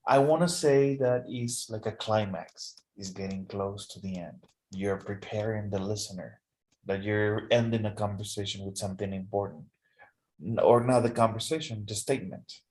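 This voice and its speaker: A man tutoring English in a one-to-one lesson, explaining slowly and often checking in with "okay". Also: fairly low pitch, darkish tone, rough recording.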